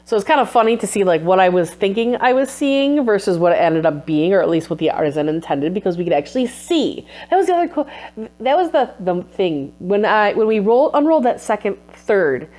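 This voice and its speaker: A woman's voice: medium pitch, sing-song, a little fast, a little mellow. A woman recapping her research in a casual vlog, emotional and sniffling at times. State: teary, sniffling. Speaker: vlogger and textile researcher.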